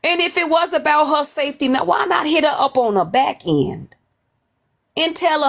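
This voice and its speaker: High-voiced sassy woman with a Southern drawl. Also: normal speed. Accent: put-on Southern drawl. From New York. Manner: blunt, sassy, cusses freely. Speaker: livestream host. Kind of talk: casual livestream gossip commentary. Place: at home, off camera.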